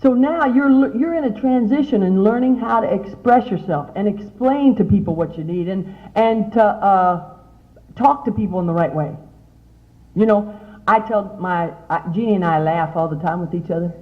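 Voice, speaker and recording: A middle-aged woman gives an animated motivational talk to teen girls, often asking her audience questions. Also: medium pitch, normal speed. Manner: chatty, animated, asks the audience many questions. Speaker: speaker at a youth conference. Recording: tinny, phone-like lo-fi sound.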